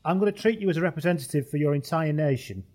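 Jokey, rambling podcast host, higher-voiced man. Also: animated, very fast, darkish tone, faint music behind. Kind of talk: casual podcast chat.

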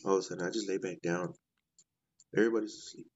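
A man's voice: low voice, steady tone, quick pace, dull audio. A man telling a personal ghost story in casual, rambling fashion, often repeating "I was like". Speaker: guest sharing a paranormal story.

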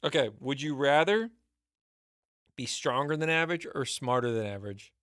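A man co-hosts a relaxed podcast chat. He teases his partner and keeps firing questions at her. The sound is dry and close, with no room around his voice. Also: medium pitch, moderate pace, clear, resonant tone, dry recording. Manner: teasing, asks lots of questions. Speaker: podcast co-host. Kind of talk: casual chat.

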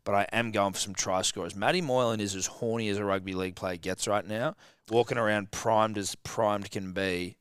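A man's voice: fairly low pitch, fairly even intonation, normal speed, smooth, no echo, studio quality. A young Australian man hosting a casual sports betting podcast, brash, jokey and sweary. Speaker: podcast host.

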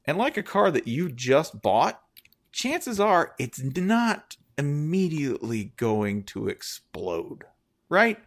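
A man's voice: a little high, very animated, slow. A man hosting a sports podcast in a casual, sarcastic, joking manner.

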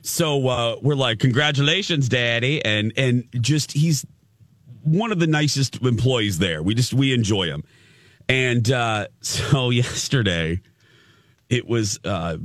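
A man's voice: measured pace, dry recording, studio quality. A man in his forties, co-hosting a casual chat show and telling a story in a theatrical way. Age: 40s. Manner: animated, theatrical, jumps to a high voice when excited. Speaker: podcast co-host.

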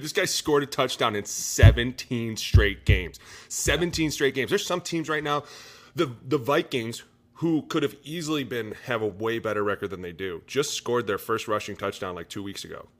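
A middle-aged man, a former pro lineman co-hosting a casual sports podcast, talking in an animated, profane way. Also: mid-range voice. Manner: animated, profane, breaks into loud impressions.

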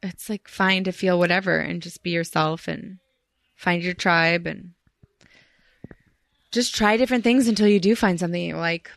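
A woman's voice: lowish voice, fairly even intonation, normal speed, gravelly, long pauses, dry recording, clean studio sound. A young woman guest on a podcast, joking playfully and giving earnest encouragement. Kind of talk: casual podcast chat.

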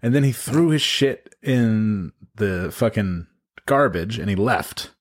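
A man co-hosting a podcast, telling crude, excitable stories in casual comedic chat. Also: fairly low pitch, slow. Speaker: podcast co-host.

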